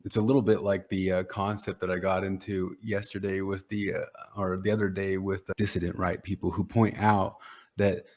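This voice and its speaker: Man, podcast co-host, very deep husky voice, opinionated commentary. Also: little pitch movement, moderate pace, darkish tone. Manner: opinionated, drawing parallels, chuckles mid-sentence. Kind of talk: casual podcast conversation.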